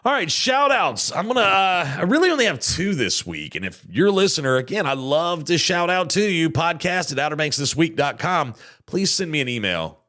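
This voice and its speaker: Chatty, animated Southern man hosting a podcast. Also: on the high side, normal speed. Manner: chatty and animated, many fillers. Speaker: podcast host. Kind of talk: casual podcast chat.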